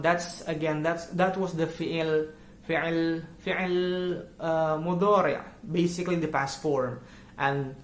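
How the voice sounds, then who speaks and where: A vlogger keeping a language-learning diary talks casually, often correcting themself and sounding out words to show how they are pronounced. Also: medium pitch. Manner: chatty, self-correcting, demonstrates pronunciation. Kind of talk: casual explanatory vlog. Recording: roomy echo, faint noise.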